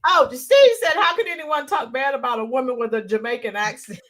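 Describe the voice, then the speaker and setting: A woman co-hosting a casual political commentary livestream, animated, reading out viewer comments and greeting them by name. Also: sits high, brisk, slight background noise.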